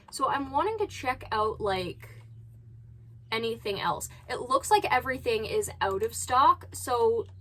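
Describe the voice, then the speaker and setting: Bright, blunt woman reaction host. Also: on the high side. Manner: blunt, critical, sarcastic asides. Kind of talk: casual reaction commentary. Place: at home.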